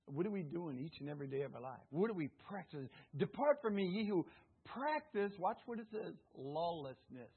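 A man preaching a fervent sermon at a church service. He calls on the congregation to repeat his words and swings between loud exclamations and hushed asides. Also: fairly high pitch, sing-song, fairly quick, husky. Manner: fervent preaching with call-and-response prompts to the congregation. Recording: tinny phone-like audio.

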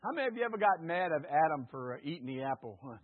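A man's voice: fairly high pitch, racing. Man preaching over a tinny line. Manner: call-and-response, jokey and lively; hushed and earnest in prayer. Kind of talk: sermon. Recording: tinny phone-like lo-fi sound.

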